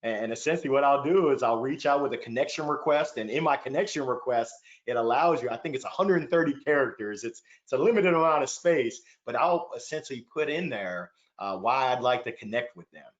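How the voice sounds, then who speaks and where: Speaking quickly with hardly any pauses, this sales leader on a webinar panel comes across as animated, upbeat and earnest, tending to repeat words as each thought begins. His mid-range voice arrives over a video call with dull audio.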